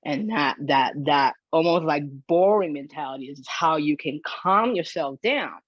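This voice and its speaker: Brief: woman behavior consultant, animated explainer, dull and dry video-call sound. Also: low-pitched, normal speed, no room sound. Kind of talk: educational webinar talk.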